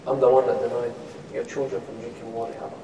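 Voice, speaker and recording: A man's voice: medium pitch, little pitch movement, fast talker, background noise, lightly acted. A man voicing a repentant male warrior who begs forgiveness in a pleading, chanted lament. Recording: echoey hall, mic far off.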